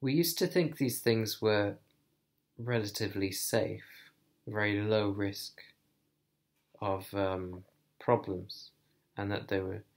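A man talking to camera in a personal vlog, thoughtful and hesitant, thinking aloud with many pauses. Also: fairly low pitch. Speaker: vlogger.

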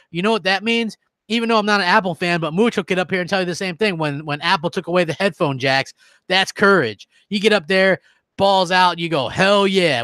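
Casting note: male gaming streamer, bright tense tone, heated rant, dry close sound. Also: fairly high pitch, clear, resonant tone, dry recording. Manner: heated, ranting, reads out viewer comments. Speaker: gaming channel host.

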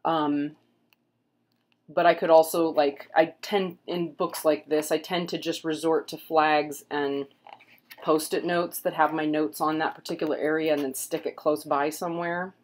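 A middle-aged woman with a fairly low voice talks casually at home as she flips through pages. She rambles, pauses on fillers and keeps a relaxed, chatty flow. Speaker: tarot reader and vlogger. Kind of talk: casual book flip-through. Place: home room with pets.

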